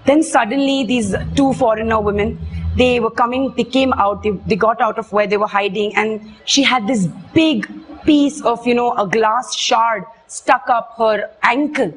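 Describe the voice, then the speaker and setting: A young woman, earnestly retelling a personal experience in halting, emotional speech. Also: fairly high pitch, breathy edge. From India. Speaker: witness giving testimony. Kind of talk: personal testimony.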